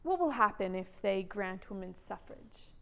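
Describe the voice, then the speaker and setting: A woman's voice: medium pitch, lively intonation, moderate pace, vocal fry, clear, resonant tone. A young student actress playing a chattering, anxious housewife of the 1910s who pleads with her husband, stammering often. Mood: fretful. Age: young adult. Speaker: student actor. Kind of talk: stage monologue.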